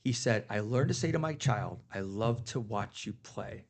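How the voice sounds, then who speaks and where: A man's voice: lowish voice, lively intonation, moderate pace, slightly rough. A man on a podcast telling heartfelt stories about his kids in casual chat, getting emotional. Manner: earnest, emotional storytelling. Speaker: podcast guest.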